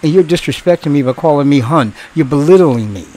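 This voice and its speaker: A man's voice: fairly high pitch, lively intonation, a little fast, a little mellow, rough recording. A man in his sixties who once worked in customer service, bluntly lecturing in a casual monologue, swearing and repeating himself. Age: 60s.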